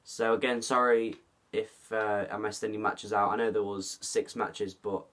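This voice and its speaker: A man's voice: lowish voice, level tone, normal speed, fairly bright tone. A man hosting a casual vlog, rambling through predictions with restarts and putting on mock fright. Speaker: host. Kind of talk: casual vlog commentary and spoof skit.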